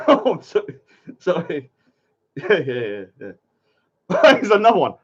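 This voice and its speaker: Slow, chuckling man, lo-fi. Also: high voice, very animated, slightly rough. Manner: laughs at his own jokes. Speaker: video commentator. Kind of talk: casual mocking commentary over memes.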